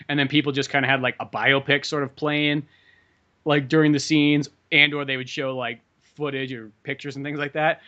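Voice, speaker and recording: Male podcast host, quick and sharp-toned, loose and profane, acts out quotes; dull lo-fi sound. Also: medium pitch. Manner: rambling, swears a lot, acts out quotes. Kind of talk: casual chat.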